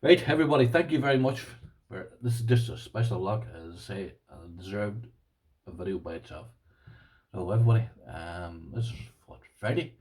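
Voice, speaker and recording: A middle-aged Irish man chatting casually to camera about his lock collection, self-deprecating and quick to laugh. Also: lowish voice, lively intonation, darkish tone, distant mic, rough recording. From Ireland. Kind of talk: casual vlog chat.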